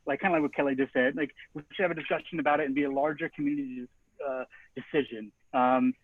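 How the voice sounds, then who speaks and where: Casual-talking male candidate, mid-pitched, coming through a tinny, dry line. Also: no room sound. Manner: casual, conversational, searching for words. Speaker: school board candidate. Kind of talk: candidate forum answer. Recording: tinny phone-like audio.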